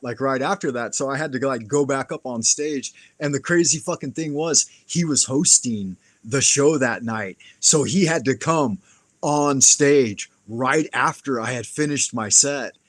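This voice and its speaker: A man's voice: mid-range voice, a little slow, no echo. A man hosting a live stream, casually telling a profane fight story and acting out the lines of the people in it. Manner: profane, animated anecdote-telling with acted-out quotes.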